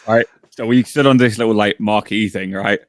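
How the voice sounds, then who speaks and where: A man co-hosting a podcast, telling a story in casual, sweary chat and getting loud as he retells it. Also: fairly low pitch, normal speed, no echo, clean studio sound. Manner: sweary, animated, often shouts when retelling. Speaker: podcast co-host.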